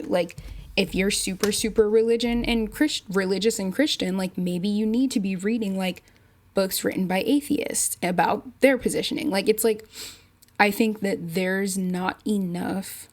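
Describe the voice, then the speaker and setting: A woman hosting her own podcast, thinking out loud in a rambling, unpolished way full of fillers. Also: medium pitch. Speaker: podcast host. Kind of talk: casual solo podcast chat.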